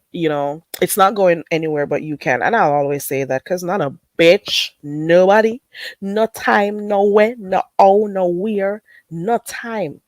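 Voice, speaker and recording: A woman hosting a casual livestream while getting sick, animated and dropping into patois, swearing and laughing freely. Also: lowish voice, no room sound. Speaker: livestream host.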